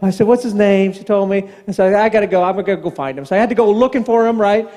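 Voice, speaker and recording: High-voiced, animated pastor telling a story. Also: male voice, fast talker. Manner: animated, self-mocking, acts out dialogue. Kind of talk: storytelling sermon. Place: large church sanctuary. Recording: long hall reverb.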